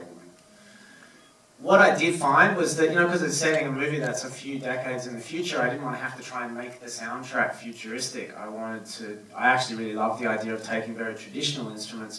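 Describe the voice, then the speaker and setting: A film director answering audience questions, halting, with many fillers and restarts. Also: male voice, medium pitch, bright, forceful tone, distant mic, a little hiss or hum. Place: cinema auditorium. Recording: echoey cinema, voice from afar.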